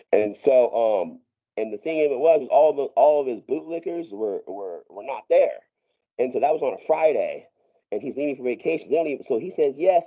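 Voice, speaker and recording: A man's voice: medium pitch, muffled recording. A man telling a long story as a podcast guest, profane and rambling, with many restarts and laughs. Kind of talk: casual storytelling.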